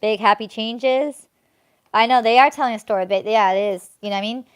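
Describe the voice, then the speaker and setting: A young woman reading tarot cards on a live stream, chatting to viewers as she draws cards and sometimes breaking into excited squeals. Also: on the high side, brisk, clean tone. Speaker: tarot card reader.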